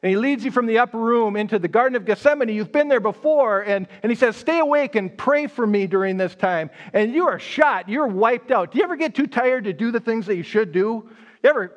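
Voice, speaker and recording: A man's voice: very high-pitched, lively intonation, fast talker. A man pastor giving a live sermon, telling the story conversationally and casting his listeners as the disciple Peter. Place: church sanctuary.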